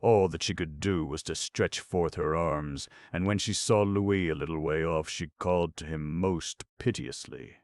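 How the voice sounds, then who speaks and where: A man reading a folk-tale audiobook in steady scripted narration. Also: sits low, a little slow, hardly any pauses, no room sound. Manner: steady storytelling.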